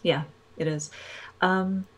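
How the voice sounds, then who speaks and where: A woman narrating a tabletop game as game master, relaxed, with frequent pauses and laughs. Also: on the low side, low-quality recording.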